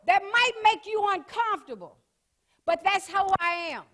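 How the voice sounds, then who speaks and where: A woman's voice: extremely high pitch, expressive, moderate pace, a bit bright. A woman giving a motivational talk on stage, loose and playful, talking straight to the audience. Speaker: motivational speaker.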